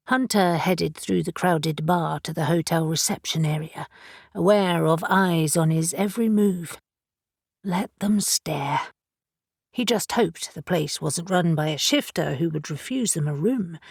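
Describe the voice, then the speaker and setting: A woman narrating a fantasy audiobook in a measured, even way. Her voice is low and husky, and the recording is close and dry with no room sound. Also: no echo. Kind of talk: scripted narration.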